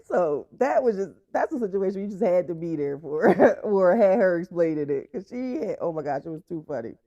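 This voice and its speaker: A woman's voice: fairly low pitch, lively intonation, a little fast, mellow, dry recording. A young woman hosting her own show, telling stories in a blunt, profane, laughing way. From Franklin, Virginia, USA. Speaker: podcast host. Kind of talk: casual storytime monologue. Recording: dull, dry lo-fi sound.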